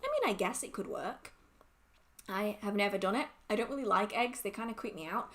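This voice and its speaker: A woman's voice: mid-range voice, brisk, a bit bright. A woman hosting a casual livestream Q&A, reading out viewer questions and answering them in a giggly, rambling, emotional way.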